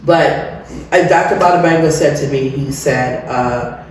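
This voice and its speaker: A middle-aged woman telling her own story as an interview guest, candid and animated, laughing often. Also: rumbling low, measured pace. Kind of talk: personal storytelling. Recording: very echoey room, distant mic, faint noise.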